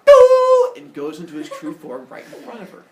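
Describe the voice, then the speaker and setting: A man's voice: fairly high pitch, big pitch swings, quick pace, gravelly, heavy background noise. Playful male teacher telling a myth. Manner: playful, jokey storytelling. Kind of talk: retelling a myth to a class. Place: classroom. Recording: echoey classroom from far off.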